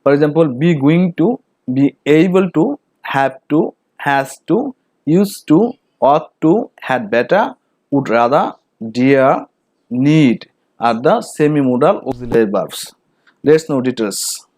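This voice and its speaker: A man with a Bengali accent teaching English grammar, reading out each example sentence slowly and saying it again. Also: a little high, expressive, a little mellow, no room sound. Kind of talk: slow grammar lesson with repeated examples.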